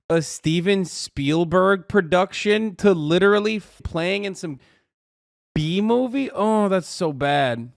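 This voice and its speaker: This streamer, a man in his thirties, has a high, gravelly voice and speaks slowly as he reacts to a video. He's casually blunt, slangy and mocking, erupting in loud laughter, captured in a dry, studio-quality recording.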